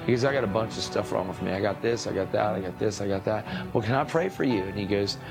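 A man's voice: fairly low pitch, level tone, quick pace, creaky, over music. A man casually recounting a story about praying for a stranger. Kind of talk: casual testimony.

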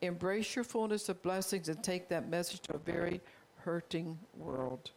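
A pastor preaches earnestly and confessionally, calling out to his congregation. His mid-range voice is gravelly and a little mellow, and he keeps a moderate pace.

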